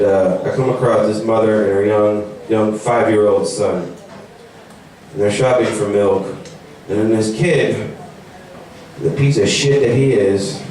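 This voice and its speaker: A young man doing a stand-up comedy set. He talks in a rambling, animated way and mocks people in put-on voices. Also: fairly low pitch. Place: comedy venue. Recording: very echoey room, mic far off.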